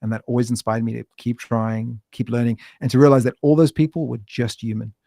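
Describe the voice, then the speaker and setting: A man talks fast and eagerly as a podcast guest, acting out the people in his stories. His voice sits at a middle pitch. The sound is dry and close, with no room around it. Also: gravelly, no room sound. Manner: animated storyteller, acts out quotes. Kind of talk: enthusiastic casual interview talk.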